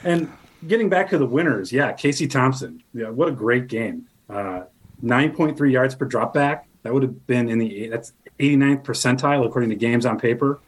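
A man's voice: medium pitch, husky. Chatty man reciting college football stats. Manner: conversational, quick stat recitation with light laughs. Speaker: podcast co-host. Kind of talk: casual sports talk.

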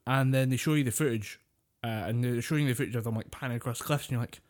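Man, podcast co-host, casual chat, animated storyteller, laughs often, swears freely, middle pitch. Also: fast.

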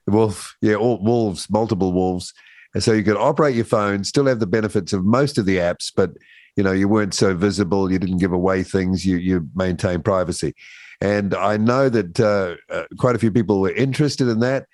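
A man's voice: on the low side, moderate pace, darkish tone, dry recording, clean studio sound. A man hosting a breakfast radio show, chatting and joking easily with a guest. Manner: joking, easygoing banter. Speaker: radio host. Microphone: studio microphone.

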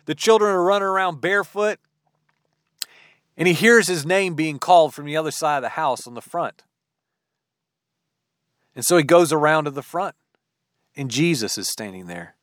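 A man preaching a sermon, telling a story slowly and dramatically and acting out the dialogue. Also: fairly high pitch, animated, fairly bright tone, dry recording, clean studio sound.

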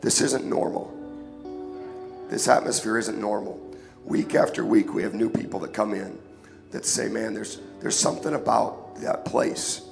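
A man preaching a casual, joking sermon in church, hoarse and sniffling from a cold, often calling for an amen. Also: on the low side, fairly even intonation, a little slow. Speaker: guest preacher. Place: church sanctuary. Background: music.

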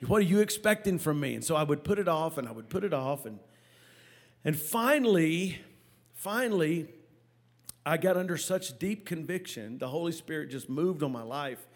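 A man preaching a sermon as a pastor, telling a story with animated, halting delivery and stammered repeats. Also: on the high side.

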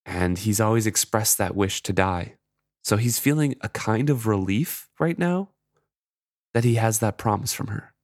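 A man on a podcast walks through a chapter and shares his thoughts, relaxed and considered. His voice sits low. The recording is dry, with no room sound. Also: a little slow, dry recording. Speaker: podcast co-host. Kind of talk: casual chat retelling a book.

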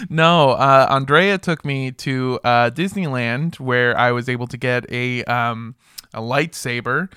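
A man's voice: mid-range voice, slow, bright, forceful tone, smooth, dry recording. A man in his twenties co-hosting a comedy podcast, casual and joking, laughing often as he chats in a recording studio. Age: 20s. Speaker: podcast co-host. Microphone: studio microphone.

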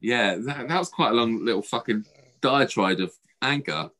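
A British man on a podcast tears into a story with a bright, forceful edge. His pitch leaps up and down as he acts out both sides, swearing freely along the way. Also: animated, moderate pace. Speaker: podcast co-host. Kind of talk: casual chat.

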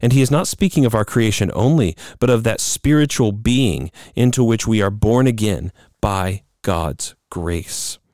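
Man, pastor, sermon, low voice, earnest explaining, dry close sound. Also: measured pace, hardly any pauses, darkish tone, no echo. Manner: earnest, reads passages aloud then explains them. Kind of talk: sermon with scripture reading.

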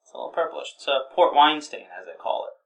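A man's voice: a little high, animated, quick pace, creaky, a bit bright. A man co-hosting a podcast, laid-back and teasing, reading out news items in casual chat. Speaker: podcast co-host.

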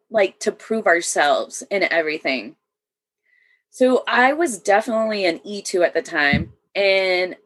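A woman, an Army veteran, telling stories in casual chat, swearing freely and acting out the dialogue. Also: lowish voice. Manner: profane, animated, acts out quoted dialogue.

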